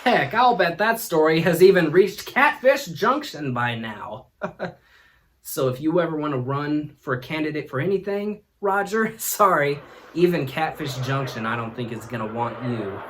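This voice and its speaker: A man's voice: fairly high pitch, moderate pace, fairly bright tone, slight background noise. A man hosting a comedy talk show, telling a rambling story with folksy asides and frequent laughter. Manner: laughs often, acts out voices, folksy asides.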